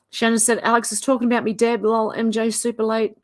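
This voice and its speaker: An Australian woman hosting a livestream, reading viewers' chat comments aloud with chatty asides and quick laughs. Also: on the high side, level tone. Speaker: livestream host.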